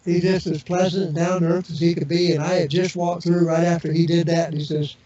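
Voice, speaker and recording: Fairly high in pitch but dark in tone, this man's voice barely moves in pitch and runs fairly quickly. As an interview guest he tells casual, rambling stories full of fillers and restarts, acting out the people in them, over echoey, distant, muffled internet radio audio with crowd noise.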